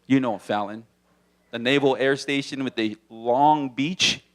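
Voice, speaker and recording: A stand-up comedian from Hawaii performing in a small comedy room on a handheld stage mic, playful and animated, often dropping into silly voices. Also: male voice, a little slow. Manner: animated, playful, slips into character voices and movie-trailer deep voice.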